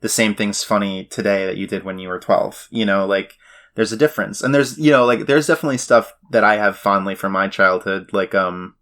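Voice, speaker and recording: A man with a lowish voice chats on a podcast in a relaxed, thoughtful way. He wanders through his points with fillers and trails off softly now and then. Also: a little fast. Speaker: podcast co-host. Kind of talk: casual chat.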